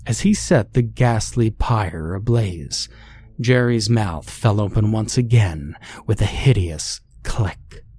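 A man reading a scary story aloud in a measured, ominous storytelling voice. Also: on the low side, a little mellow, husky. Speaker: narrator. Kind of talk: scripted horror narration.

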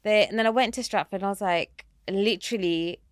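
A woman's voice: medium pitch, brisk, no room sound, studio quality. A young woman, a guest telling her story in casual chat, full of "like" and "you know". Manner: chatty, uses many fillers like "like" and "you know".

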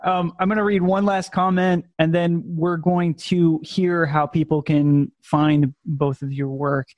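Relaxed man hosting a podcast. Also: a little high, measured pace, no echo, lo-fi sound. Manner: friendly, relaxed, with fillers. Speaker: podcast host. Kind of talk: casual podcast wrap-up.

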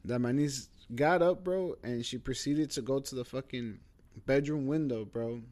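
A man's voice: medium pitch, moderate pace, mellow. A man telling a story in casual chat, loose and profane, full of fillers and "bro".

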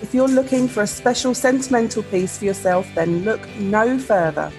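A woman co-hosting a podcast, reading a sponsor ad at a steady, measured pace. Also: mid-range voice, faint music behind. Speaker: podcast co-host. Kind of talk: scripted ad read.

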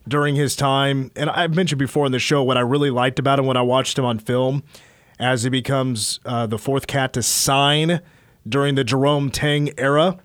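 A man's voice: mid-range voice, steady tone, normal speed, fairly bright tone, dry recording, studio quality. A man on sports talk radio, breaking down a college basketball recruit in a detailed, stat-heavy, conversational way.

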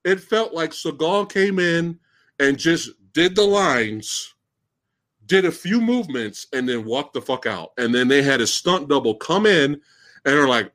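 Excitable high-voiced man ranting. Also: unhurried. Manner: excitable, incredulous, profane ranting. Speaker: host. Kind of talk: live-stream movie discussion.

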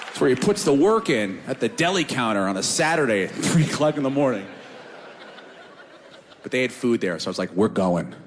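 Animated, profane male storyteller. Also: medium pitch, brisk, pauses often, in a large hall, slight background noise. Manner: animated, profane, self-mocking. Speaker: storyteller on a podcast. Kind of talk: comic storytelling.

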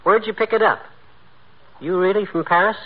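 A man's voice: high-pitched, normal speed, narrow, tinny audio. A man playing a boastful, wisecracking husband trading insults in a 1940s radio comedy. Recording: noisy old radio recording.

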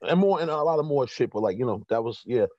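A man's voice: mid-range voice, expressive, fast talker, a little mellow, dry recording. A middle-aged man, a guest telling long, rambling stories in casual chat with many fillers. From New York. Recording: dull muffled sound.

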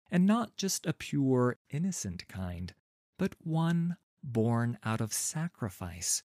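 A man reading a fantasy story aloud in a calm, measured and gently expressive way. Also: mid-range voice, dry recording, clean studio sound. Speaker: narrator. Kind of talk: scripted storybook narration.

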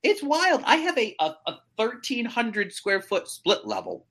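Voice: mid-range voice, wildly swooping pitch, unhurried, a bit bright. A real estate agent chatting casually as a podcast guest, telling stories animatedly with many fillers and restarts.

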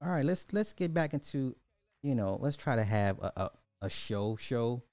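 A man hosting a casual livestream, reading chat questions in an animated, slangy way with lots of repetition and swearing. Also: mid-range voice, moderate pace, dry recording, faint music behind.

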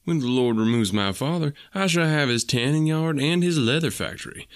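A man's voice: medium pitch, lively intonation, moderate pace, dry recording, studio quality, voice pushed up, natural voice. A man putting on a smug young suitor. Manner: smug, boastful. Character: pompous young male suitor, self-righteous.

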